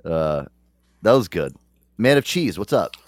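A man's voice: low-pitched, very animated, measured pace, dry recording. A man hosting a radio call-in show, chatting casually with loose, profane banter.

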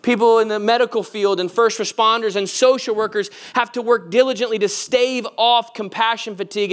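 High-voiced man preaching. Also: fairly bright tone. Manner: earnest, conversational preaching with direct questions to the audience. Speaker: pastor. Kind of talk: sermon.

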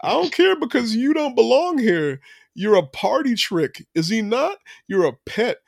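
A woman putting on a cruel, haughty noblewoman whose voice rises higher as she sneers and mocks. The sound is dry and up close. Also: big pitch swings, unhurried, gravelly, darkish tone, no room sound, exaggerated voice. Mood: sneering. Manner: sneering, mocking.

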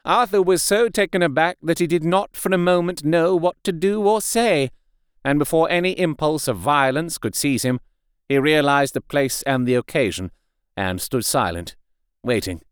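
A man giving a measured, expressive audiobook narration. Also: fairly high pitch, smooth, no echo, studio quality.

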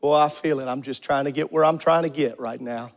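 A man preaching an impassioned sermon, swinging between sing-song shouting and hushed asides. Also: medium pitch, steady tone, brisk. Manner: shouting, sing-song preaching cadence with sudden drops to near whispers.

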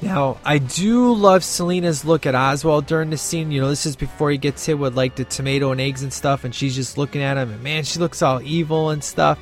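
A man's voice: fairly high pitch, fairly quick, hardly any pauses, soft background music. Rambling man reviewing a film. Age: adult with a child. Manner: rambling, lots of fillers and restarts. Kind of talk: casual film commentary.

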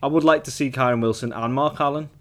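A man co-hosting a casual snooker chat, jokey and quick to banter. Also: mid-range voice, steady tone, fairly bright tone. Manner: jokey, banter-heavy, swears. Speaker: podcast co-host.

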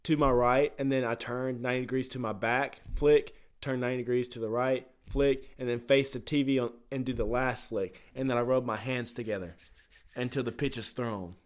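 A man's voice: mid-range voice, fairly even intonation, moderate pace. Young man explaining his routine casually. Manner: explains plainly, swears casually. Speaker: college baseball player. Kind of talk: casual chat.

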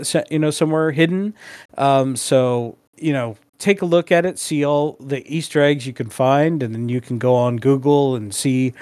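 A man's voice: medium pitch, no room sound, clean studio sound. A man co-hosting a casual podcast, enthusiastic but hesitant, with many fillers. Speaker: podcast co-host.

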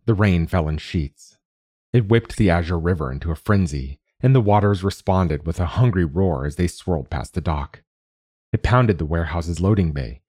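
A man narrating a short story in a steady, measured way. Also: deep voice, breathy edge, dry recording, studio quality. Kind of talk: scripted narration.

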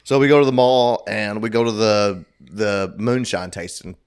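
A man with a slightly low voice tells a rambling, profane anecdote in casual podcast chat. He drifts from one detail to the next and swears freely along the way. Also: fairly even intonation, normal speed, smooth. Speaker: podcast co-host.

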